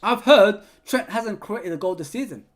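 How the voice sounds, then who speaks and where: Young male fan host, casual watch-along chat with excited play-by-play bursts, higher-pitched voice. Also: normal speed. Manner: chatty, reads viewer comments, bursts of excited play-by-play. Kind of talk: live football watch-along commentary.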